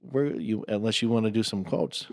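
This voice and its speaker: A man's voice: on the low side, moderate pace, darkish tone, no room sound, studio quality. Rambling casual male podcaster. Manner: rambling, heavy on "like" and "you know" fillers. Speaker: podcast co-host.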